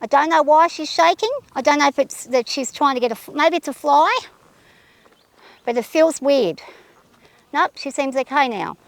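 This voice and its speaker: A woman riding a horse outdoors, talking her nerves out loud and soothing her mount in a casual vlog. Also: sits high, lively intonation, normal speed, pauses often. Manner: anxious, thinking aloud, soothing her horse. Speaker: horse rider vlogger. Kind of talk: casual narration while riding. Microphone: camera held by a companion.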